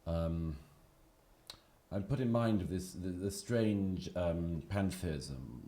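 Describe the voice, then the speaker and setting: Very low, breathy male panelist, articulate and wry, polemical debate style. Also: takes it slowly, dark tone. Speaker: panel speaker.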